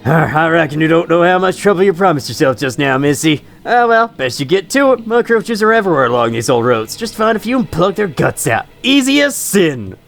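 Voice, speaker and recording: A man voicing a gruff, slangy male bug hermit in a put-on Australian accent. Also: fairly high pitch, big pitch swings, brisk, hardly any pauses, a bit bright, soft background music, exaggerated voice. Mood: wheedling. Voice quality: rough, slangy drawl.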